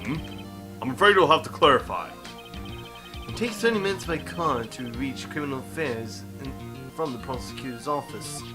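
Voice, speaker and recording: A man's voice: medium pitch, animated, moderate pace, music in the background, lightly acted. A man voicing a fussy older judge who speaks formally and fumbles his words in a video game playthrough.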